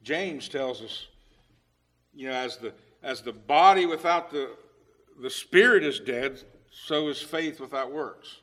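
A middle-aged man preaching a sermon in a conversational way, full of restarts, moving between hushed and emphatic delivery. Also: medium pitch, takes it slowly.

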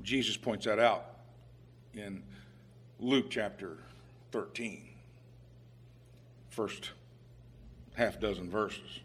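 A man preaching a sermon in a conversational way, with fillers and restarts, who rises to loud, emphatic pleading when he voices the prophet's cries. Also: fairly low pitch, drawn-out words, pauses often, slight background noise.

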